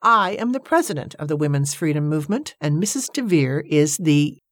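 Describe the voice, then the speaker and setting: A haughty suffragist leader who declaims every sentence like a public speech, as a woman narrator puts her on. The voice is raised and insistent, set over a low, dry reading voice. It is close and clean, with no room around it. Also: animated, brisk, dry recording. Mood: indignant, declaiming. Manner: pompous, declaiming. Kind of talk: audiobook character reading.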